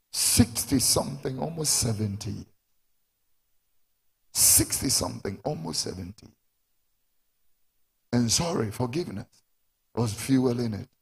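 Ghanaian male preacher, husky and raspy, lively pitch, sermon delivery. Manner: switches to shouting for emphasis.

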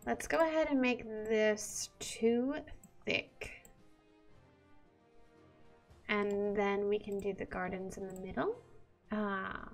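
Slow, gravelly woman gaming commentator. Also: medium pitch, steady tone, faint music behind. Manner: exasperated, chatty, talks to herself. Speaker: gamer. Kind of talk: casual let's-play commentary.

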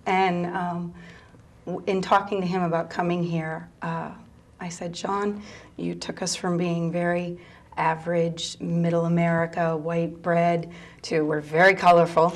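A middle-aged mother telling a personal story in an interview, soft-spoken and halting, sometimes dropping to a near whisper. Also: lowish voice, level tone. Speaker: mother of a gay teen son; interview guest.

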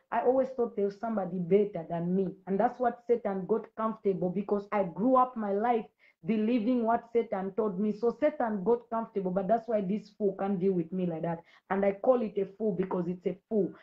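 A woman's voice: medium pitch, fairly quick, narrow, tinny audio. A woman in her late thirties giving a fervent live-stream testimony, preaching and scolding commenters directly. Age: late 30s. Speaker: Christian ministry host.

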